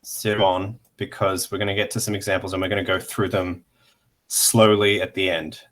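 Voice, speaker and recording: A man giving a casual online pronunciation lesson, explaining slowly with many pauses and fillers while sharing his screen. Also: low voice, level tone, fairly bright tone. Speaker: language teacher.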